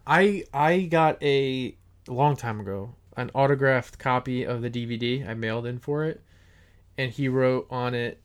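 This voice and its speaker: A man's voice: mid-range voice, moderate pace, clear, resonant tone. Rambling male podcast host. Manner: rambling storyteller with many restarts. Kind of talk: casual podcast chat.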